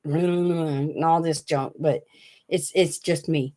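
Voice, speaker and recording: A woman with a Southern US drawl chats loosely to her viewers on a home livestream. Her voice sits a little low, and she rambles from thought to thought with a fidgety, talkative ease. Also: a little slow, mellow. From Tennessee. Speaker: DIY craft channel host. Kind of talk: casual livestream chat. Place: small hot room at home.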